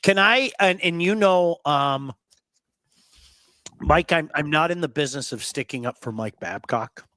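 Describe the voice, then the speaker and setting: A man hosting a casual hockey talk show, telling blunt, animated stories and repeating words for emphasis. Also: fairly high pitch, a little slow, no room sound. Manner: blunt, swears.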